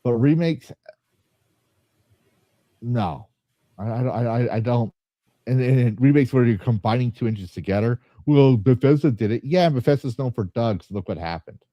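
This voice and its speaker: A podcast host, a man in loose casual chat, wanders off topic and breaks up his sentences as he jokes along. His voice sits at a middle pitch. The recording is a bit dull and lo-fi, with a dry sound and no room echo. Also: lively intonation, normal speed, pauses often. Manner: rambling, jokey, stops and restarts often.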